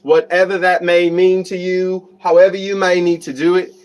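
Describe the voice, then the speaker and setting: A man's voice: high-pitched, moderate pace, close to an everyday voice. A man putting on a British accent. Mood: earnest. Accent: attempted British, put on. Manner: calm advice on breathing. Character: the host trying a British accent. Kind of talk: livestream talk.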